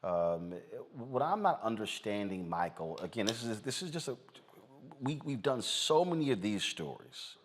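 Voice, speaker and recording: A man hosts a live news program in a somewhat low voice. He talks straight to his viewers, calling them folks, and pauses on fillers as he goes. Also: very animated, noisy background. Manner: direct, addresses viewers as folks, frequent fillers. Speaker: news show host.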